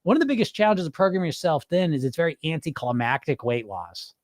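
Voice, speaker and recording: A man's voice: a little high, fast talker, dry recording, clean studio sound. A man hosting a weight-loss podcast, answering viewer comments in a casual, rambling way with plenty of swearing. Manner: animated, profane, rambling.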